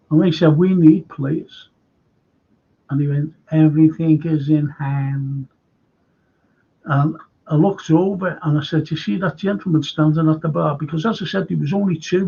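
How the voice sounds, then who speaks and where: Gravelly man telling stories. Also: on the high side, mellow. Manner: anecdotal storyteller, swears freely. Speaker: host. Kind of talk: casual fan show chat. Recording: dull lo-fi stream audio.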